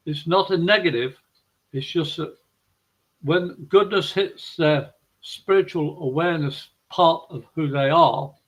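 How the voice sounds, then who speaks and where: A middle-aged man giving a gentle, rambling, affectionate spiritual reading on a live stream. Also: a little high, rough recording. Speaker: psychic reader and co-host.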